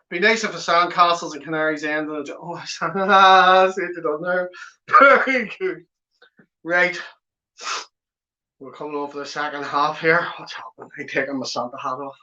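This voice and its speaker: A man with a bright, forceful voice and a somewhat high pitch hosts a live football watchalong from home. He talks slowly, reading out viewer comments and bantering with them. The audio is slightly dull and lo-fi. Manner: chatty, teasing banter with viewers. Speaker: watchalong host.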